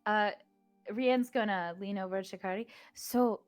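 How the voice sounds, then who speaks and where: A woman's voice: medium pitch, steady tone, normal speed, faint music behind. A woman playing a tabletop game, hesitant and full of fillers. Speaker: player. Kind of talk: casual tabletop play.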